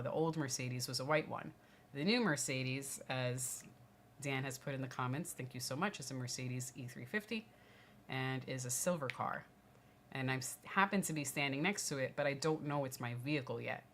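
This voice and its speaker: A woman co-hosting a livestream, telling a personal story in a casual, animated way and thanking viewers in the chat. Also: sits low. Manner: animated, laughing storyteller reading chat comments. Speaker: livestream co-host.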